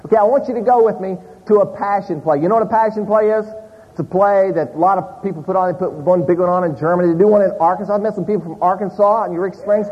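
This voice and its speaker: A man preaching a sermon, telling an animated story to a live congregation in a church. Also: high-pitched, fast, husky. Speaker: pastor. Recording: muffled audio in a large hall.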